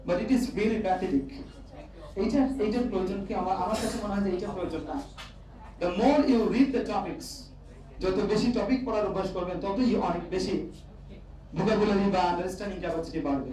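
A man with a Bangladeshi accent delivers an emphatic motivational speech to students, driving home his points by repeating them. His voice sits high but sounds mellow and soft-edged. It comes from far off the microphone in a big echoey hall, with faint noise underneath. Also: rapid-fire. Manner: emphatic, repeats key phrases. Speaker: guest speaker addressing students. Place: large echoey university hall.

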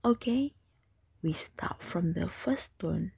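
Slow, patient woman teaching tones. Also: lowish voice, expressive, vocal fry, warm tone, slightly rough. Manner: slow and patient, repeating syllables, often half-whispered. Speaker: language teacher. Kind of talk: slow beginner pronunciation lesson.

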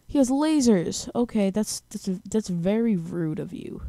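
A young woman hosting a gaming channel, giving excitable let's-play commentary with bursts of repeated words. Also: mid-range voice, a little slow, gravelly, few pauses, no echo, clean studio sound.

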